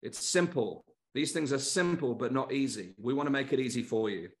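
A man's voice: mid-range voice, a little fast. A middle-aged man hosting a motivational webinar, speaking earnestly and stressing points through repeated short lists. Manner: earnest, repetitive emphatic lists. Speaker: webinar host.

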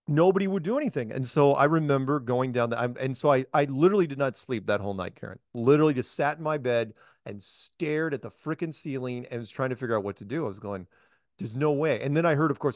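A man hosting a relaxed conversation tells a story with lots of energy, slipping into the voices of the people he quotes. His voice sits at an ordinary pitch and the recording is dry and close, with no room sound. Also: fast, no room sound. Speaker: host. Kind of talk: casual storytelling chat.

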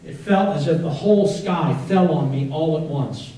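A man preaching a sermon as a pastor, telling a story in an earnest way and dropping to a hushed prayer. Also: fairly high pitch, moderate pace, distant mic. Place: church sanctuary. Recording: very echoey church from off-mic.

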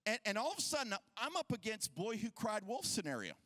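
A man's voice: sits high, a little fast, no room sound. A man in his thirties, a pastor telling a story in a sermon and acting out the voices of the people in it. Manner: animated, acts out quoted voices.

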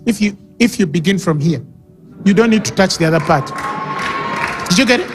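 A pastor with a high, expressive voice preaches a little fast, amid crowd noise in a reverberant hall with music underneath. Emphatic and repetitive, he leans on key phrases and often calls for the congregation to respond.

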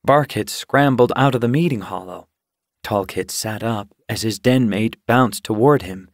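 A man narrating an audiobook in a measured, even storytelling voice, recorded in a studio booth. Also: lowish voice, dry recording. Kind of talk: scripted narration. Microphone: studio mic.

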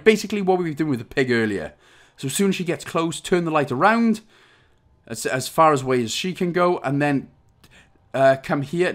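A young Welsh man talking through a game walkthrough, giving step-by-step instructions broken up by jokey, rambling asides. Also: fairly high pitch. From Wales. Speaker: game guide narrator. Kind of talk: commentary over gameplay walkthrough.

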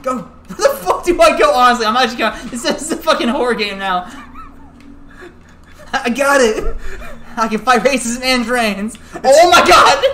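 A man giving casual, excitable let's-play commentary, swearing and bursting into laughter. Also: very high voice, moderate pace, reverberant, a little hiss or hum. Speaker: co-host playing a video game.

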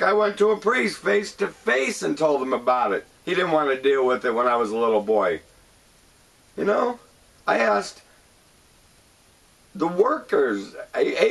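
A man with a husky, gravelly voice speaks an earnest personal monologue, stumbling and repeating words as he goes. His pitch rises and falls a lot. He sits some distance from the microphone. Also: fairly bright tone. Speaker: show host.

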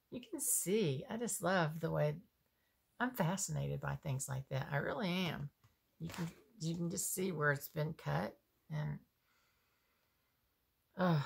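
Woman, gravelly voice, slow unhurried chat, musing aloud, lowish pitch. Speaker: vlogger unboxing soap. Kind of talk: casual unboxing chat.

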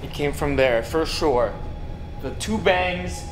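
A young man hosting a frightened ghost-hunt vlog in a dark house, jumpy and exclaiming and repeating himself. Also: a little high, slow pace. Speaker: YouTube host. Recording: noisy home video.

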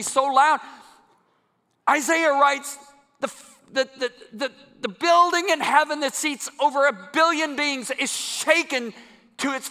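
A man preaching a sermon to a congregation in a large church, emphatic and building to loud climaxes. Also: very high-pitched. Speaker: guest preacher. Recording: long church hall reverb.

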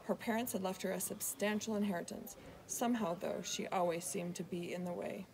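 Woman narrating a novel, mid-range voice, steady delivery. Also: medium pitch, fairly quick, creaky, crowd noise, low-quality recording. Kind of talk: reading a novel aloud.

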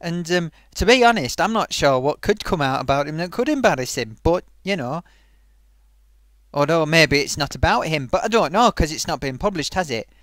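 A man's voice: a little high, lively intonation, normal speed, a bit bright, dry recording, studio quality. A man hosting his own vlog and chatting casually, rambling along with plenty of ums and restarts. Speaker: vlogger host. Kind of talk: casual comedy vlog chat.

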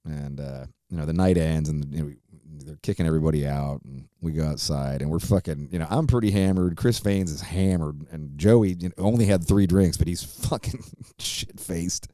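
A man's voice: rumbling low, normal speed, warm tone, no room sound, clean studio sound. A middle-aged man hosting a podcast, telling a profane, rambling story casually with lots of fillers. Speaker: podcast host.

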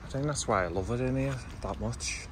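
A man's voice: medium pitch, fairly quick. A man with a Liverpool accent giving a chatty, blunt walking tour commentary outdoors as a vlogger. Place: outdoors on city streets. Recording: street traffic noise behind.

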